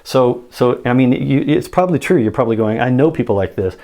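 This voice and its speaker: A man's voice: medium pitch, lively intonation, a little fast, mellow. A man teaching sales communication in a casual monologue, acting out example dialogues with frequent restarts.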